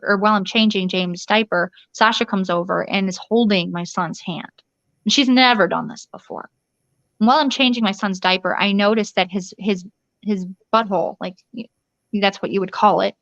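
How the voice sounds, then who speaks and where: A woman interview guest telling a personal ordeal in a rushed, urgent way, often restarting sentences and acting out quoted dialogue. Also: mid-range voice, a bit bright, dry recording. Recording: dull lo-fi dry recording.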